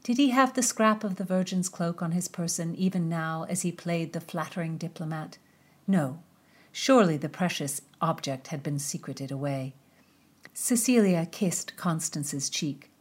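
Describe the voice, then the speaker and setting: A woman narrating a historical novel in an expressive, measured reading. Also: fairly low pitch. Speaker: audiobook narrator. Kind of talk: scripted narration.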